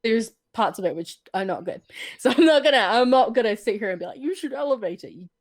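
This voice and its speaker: A woman's voice: medium pitch, animated, brisk. A woman co-hosting a podcast in casual chat, laughing often and acting out characters' lines. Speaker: podcast co-host.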